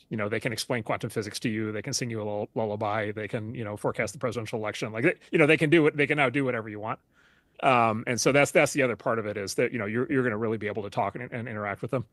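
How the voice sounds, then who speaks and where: A middle-aged man, a tech investor guest, talking in a casual interview, rapid and animated with many fillers and restarts. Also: on the low side, dry recording. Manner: rapid and animated, full of "you know" and restarts.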